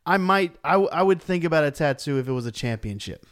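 Smooth-voiced man, measured and sheepish. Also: a little high, expressive, fairly bright tone. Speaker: podcast co-host. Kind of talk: casual comedic chat.

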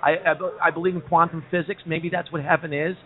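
New Jersey host, emphatic rambler, slightly high voice, phone-like sound. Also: male voice, level tone, quick pace. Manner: rambling, emphatic, joke-telling. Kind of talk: casual pub chat show. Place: pub. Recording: tinny phone-like audio.

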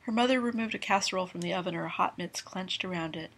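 A woman reads a novel aloud in steady, even narration. Her voice sits low, with a gravelly, husky texture. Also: fast talker. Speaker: reader.

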